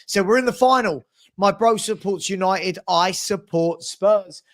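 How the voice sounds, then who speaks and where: A man's voice: high-pitched, measured pace. A man hosting a casual live watchalong stream, chatty and reading out viewer messages. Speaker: livestream host.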